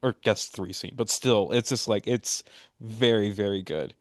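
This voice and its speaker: A man co-hosting a podcast in casual chat, hesitant and quick to laugh. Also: lowish voice, no room sound, studio quality. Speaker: podcast co-host.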